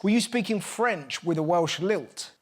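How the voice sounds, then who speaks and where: A man hosting a comedy show, riffing excitably and swearing freely with members of a studio audience. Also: sits high, measured pace. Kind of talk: joking banter with the studio audience. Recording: studio audience noise behind.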